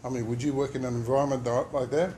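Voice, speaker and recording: At a workplace safety talk, an injured worker tells an emotional personal story, rambling and using many fillers. His mid-range voice is steady and dark in tone, and he talks at a quick pace.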